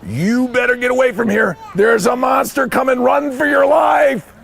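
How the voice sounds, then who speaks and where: A man doing a shouting frightened rabbit. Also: very high voice, steady tone, gravelly, heavily acted. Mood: alarmed. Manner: shouted, drawn-out alarm. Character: frightened male rabbit fleeing.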